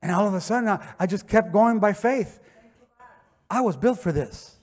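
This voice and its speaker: Miami pastor guy preaching, high voice, chatty stories then gets fired up and loud. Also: lively intonation, moderate pace. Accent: Miami English. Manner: impassioned preaching that builds to shouting; conversational storytelling with acted quotes. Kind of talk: sermon. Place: church sanctuary.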